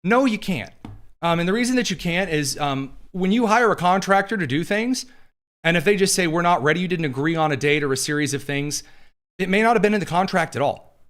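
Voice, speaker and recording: A man hosting a podcast, giving quick, sarcastic, rambling political commentary full of fillers. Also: high voice, lively intonation, a bit bright. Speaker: podcast host.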